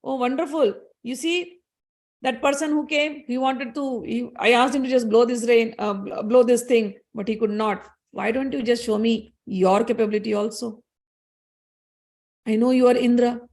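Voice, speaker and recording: Woman putting on serene goddess, amused, soft challenge, storytelling. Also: fairly high pitch, steady tone, normal speed, close to an everyday voice. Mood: teasing. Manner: coolly amused, gently challenging. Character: calm, teasing goddess testing proud gods.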